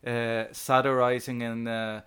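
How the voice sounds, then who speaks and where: A man's voice: mid-range voice, flat delivery, unhurried, fairly bright tone, clean tone. A young man co-hosting a film podcast, talking casually with many hesitations. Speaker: podcast co-host.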